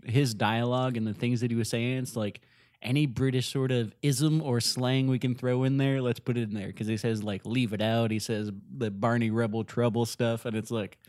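A man's voice: mid-range voice, steady tone, moderate pace, darkish tone, dry recording. Guy gushing about a movie, mid voice, dry close sound. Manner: enthusiastic, shares trivia, acts out quotes. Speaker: podcast co-host. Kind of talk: casual movie chat.

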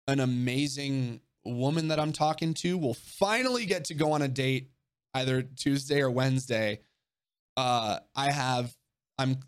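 A young man hosting a livestream, answering viewer questions in casual, earnest chat, emotional and swearing casually. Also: mid-range voice.

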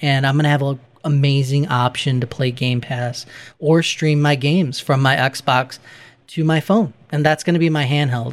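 A man co-hosting a gaming podcast, chatting casually and laughing often. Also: medium pitch. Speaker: podcast co-host.

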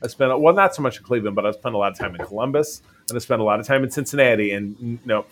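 A man's voice: medium pitch, very fast, a little hiss or hum. A man co-hosting a casual podcast chat, enthusiastic and rambling, often restarting his sentences. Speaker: podcast co-host.

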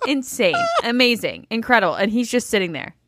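A woman's voice: on the high side, lively intonation, fairly quick, fairly bright tone, dry recording, clean studio sound. A woman co-hosting a casual recap podcast, incredulous and laughing, swearing casually. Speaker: podcast co-host.

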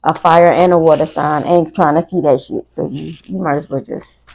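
A woman's voice: sits low, fairly even intonation, darkish tone, rough recording. A woman giving a casual, emotional live tarot reading to her viewers. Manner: slow, gravelly, chatty, emotional. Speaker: tarot reader.

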